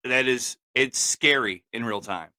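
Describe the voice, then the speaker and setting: A man's voice: mid-range voice, measured pace, bright, forceful tone, clean tone, dry recording. A man co-hosting a casual talk show, swearing freely and working himself up to angry outbursts. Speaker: podcast co-host.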